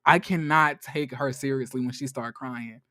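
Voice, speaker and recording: A man casually recapping a reality show for his audience. He talks in an animated, gossipy way and laughs often. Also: mid-range voice, normal speed, no echo, clean studio sound. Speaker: commentary vlogger. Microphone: camera mic.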